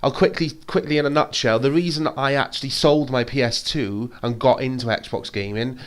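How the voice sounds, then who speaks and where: A man in casual conversation as co-host, with a mid-pitched voice. He speaks enthusiastically and rambles at times, restarting his sentences. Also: steady tone, moderate pace. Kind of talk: casual chat.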